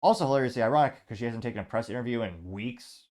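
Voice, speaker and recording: A man's voice: medium pitch, animated, fast, darkish tone. A man hosting a political commentary show, reading social media replies aloud with sarcastic, wry asides. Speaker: podcast host.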